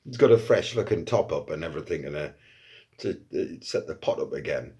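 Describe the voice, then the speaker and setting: A man telling a casual anecdote in an animated way, swearing often and acting out quotes. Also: a bass voice, a little fast. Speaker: storyteller.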